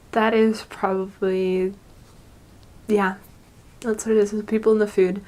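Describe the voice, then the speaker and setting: Young woman telling a lively story. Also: mid-range voice. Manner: animated, laughs often, acts out quoted voices. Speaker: returned missionary. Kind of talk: personal storytelling.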